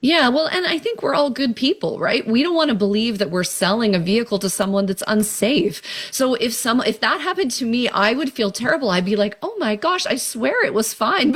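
A woman's voice: mid-range voice, fairly bright tone. A woman, a consumer protection expert, explaining scams in a friendly, chatty way as a guest on a radio show.

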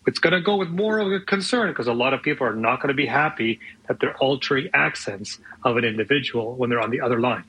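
A man commenting in a slightly halting way, heard in a played clip. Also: medium pitch, animated, husky, highs cut off.

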